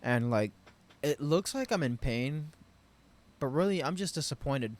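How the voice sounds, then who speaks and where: A man giving an unscripted game review rant, rambling and profane, with frustrated loud bursts. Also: fairly high pitch, expressive, measured pace. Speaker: game commentary vlogger.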